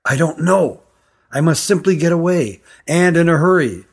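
A man voicing a frightened older boy on the run, speaking with hushed urgency in a storybook reading. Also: on the high side, lively intonation, moderate pace, creaky, breathy edge, heavily acted. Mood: urgent.

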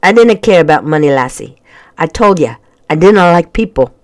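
A narrator voicing a grumpy little bearded hermit man with a Scottish accent and a gruff, grumbling manner, in a dry recording. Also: mid-range voice, animated, fairly quick, no room sound, close to an everyday voice.

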